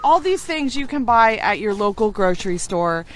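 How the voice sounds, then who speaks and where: A woman's voice: medium pitch, big pitch swings, normal speed, dry recording. A woman chatting casually as she reviews camping coffee, often laughing and restarting her sentences. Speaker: vlogger. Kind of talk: casual product review chat.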